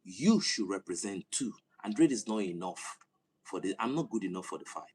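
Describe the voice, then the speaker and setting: A man from Nigeria with a Nigerian accent, giving a passionate political commentary that swells into loud, emphatic oratory. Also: fairly low pitch, expressive, normal speed, slightly rough. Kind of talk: impassioned monologue to camera.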